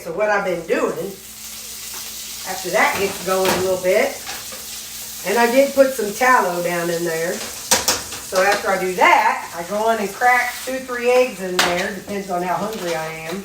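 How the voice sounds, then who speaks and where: A woman's voice: on the low side, far from the mic, noisy background. A woman, chatting casually in a home kitchen as she cooks, folksy and talkative. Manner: chatty, folksy, talks while cooking. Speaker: weight-loss vlogger. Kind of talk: casual cooking vlog. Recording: echoey kitchen with faint sizzling.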